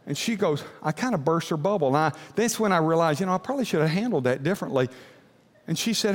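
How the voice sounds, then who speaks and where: Pastor guy preaching, folksy, slightly high voice, long reverb from a big hall. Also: animated, fast. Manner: folksy, with dramatic drops to a hush. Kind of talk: sermon storytelling.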